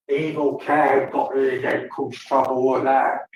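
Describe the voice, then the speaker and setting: Older livestreamer, tired and crude, very slow delivery, far from the mic in a boomy room. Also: male voice, little pitch movement, vocal fry. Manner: crude, swearing, laughing often. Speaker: livestream host. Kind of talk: rambling casual chat to viewers. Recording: echoey room, distant mic, faint noise.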